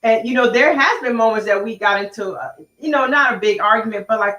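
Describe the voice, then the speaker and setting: Bright, animated woman in an echoey room. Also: medium pitch, quick pace, few pauses. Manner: animated storytelling, acts out both sides of conversations. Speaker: co-host, pastor's wife. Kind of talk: casual chat.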